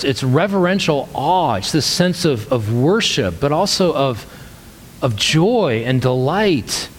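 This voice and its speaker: A man pastor preaching a sermon in a conversational, animated storytelling way, often restarting his phrases. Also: on the high side, big-room sound.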